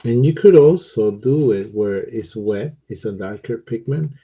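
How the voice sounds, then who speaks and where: A man teaching watercolor, talking through his painting in a relaxed, unhurried way with pauses and fillers. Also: mid-range voice, breathy edge, lo-fi sound. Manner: slow, thinking aloud while he paints, with pauses and fillers.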